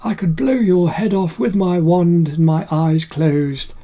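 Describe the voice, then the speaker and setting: A man voicing a batty, mild-mannered old male wizard headmaster in a soft, breathy half-whisper. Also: high-pitched, measured pace. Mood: dotty. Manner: dotty and gentle.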